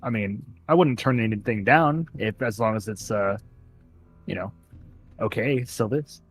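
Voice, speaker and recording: A man's voice: lowish voice, a little slow, husky, soft background music. A man taking part in a tabletop game, speaking earnestly and steadily in character and out of it. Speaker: player.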